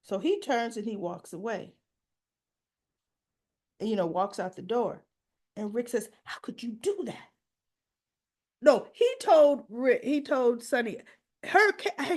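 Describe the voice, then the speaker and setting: A woman's voice: fairly high pitch, unhurried. A woman recapping a soap opera episode, casually retelling each scene and acting out the characters' lines. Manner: animated, acts out the lines.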